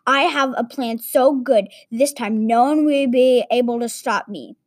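A woman's voice: on the high side, a little slow. A woman voicing a gloating cackling villain. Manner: loud, cackling threats. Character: boastful male villain leader, gloating.

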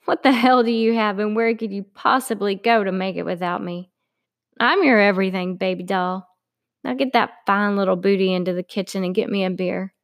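A woman's voice: mid-range voice, brisk, lightly acted. A woman voicing a sneering, crude adult man who mocks his girlfriend, read in a storybook podcast. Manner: sneering, dismissive. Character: mocking, crude adult man, a controlling boyfriend.

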